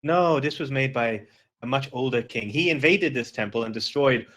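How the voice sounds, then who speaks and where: A man's voice: mid-range voice, moderate pace, fairly bright tone. A man running a tabletop game as game master, describing scenes in a loose, rambling way. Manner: rambling, full of fillers and restarts.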